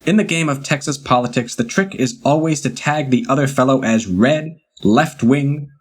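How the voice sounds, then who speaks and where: A man reading an old magazine article aloud in a measured, deliberate way, with the occasional dry aside of his own. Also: mid-range voice. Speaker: reader of a historical article.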